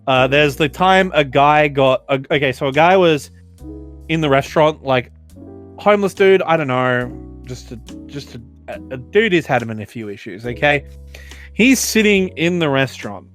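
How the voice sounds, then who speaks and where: A young Australian man, a podcast co-host, telling work stories casually, animated and swearing, full of fillers. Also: medium pitch. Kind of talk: casual storytelling.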